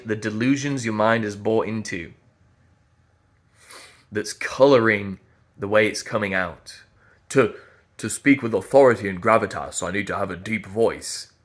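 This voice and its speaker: Earnest man, lower voice. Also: fairly bright tone. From Yorkshire. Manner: earnest, emphatic, repeats phrases while thinking aloud. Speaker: voice teacher. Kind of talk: motivational talk to camera.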